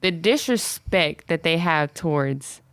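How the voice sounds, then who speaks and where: A woman on a faith podcast speaking earnestly, with her voice sometimes dropping very quiet. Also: sits low, expressive, a little slow, clean tone. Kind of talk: casual chat.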